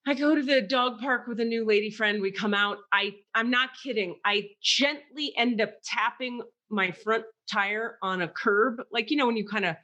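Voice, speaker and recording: A woman's voice: a little high, moderate pace, hardly any pauses, bright, forceful tone, lo-fi sound. A woman co-hosting a podcast, telling a story in casual chat and acting out the voices she quotes. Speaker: podcast co-host.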